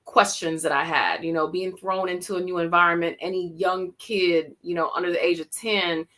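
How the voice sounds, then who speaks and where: A woman's voice: fairly low pitch, steady tone, normal speed, fairly bright tone. A woman with a Jamaican accent, a teacher telling her story as a podcast guest, reflective with frequent restarts. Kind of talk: podcast interview.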